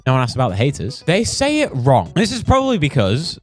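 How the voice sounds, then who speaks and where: A man's voice: mid-range voice, wildly swooping pitch, fast, soft background music. A young British man doing comedic, mock-outraged ranting commentary as a streamer, swearing and exaggerating. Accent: British English. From United Kingdom. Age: young adult.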